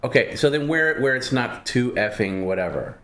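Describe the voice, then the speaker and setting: A man co-hosting a stream talks quickly in a pushy, scolding way. He keeps prodding his partner and cutting in. Faint noise sits under his voice. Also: medium pitch, lively intonation, a bit bright. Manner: scolding, pushy, coaching the host. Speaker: co-host. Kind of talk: casual livestream talk.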